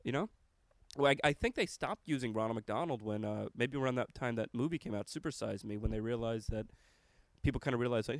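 A man's voice: medium pitch, fairly quick, no room sound. A man, a comedian and podcast host, talking casually in a profane, rambling way. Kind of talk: casual chat.

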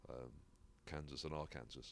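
A man's voice: rumbling low, fairly even intonation, moderate pace, a bit bright, slight background noise. A British comedian, a man who now lives in the Midwest, chatting casually on a podcast with a self-deprecating, laughing manner. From United Kingdom. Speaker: stand-up comedian, podcast guest. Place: Michigan-based.

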